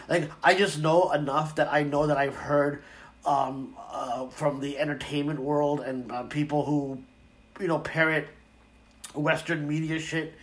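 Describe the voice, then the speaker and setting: Male host, casual profane rant, rambling delivery, average pitch. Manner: rambling, profane, many fillers and restarts. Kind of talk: casual ranting commentary.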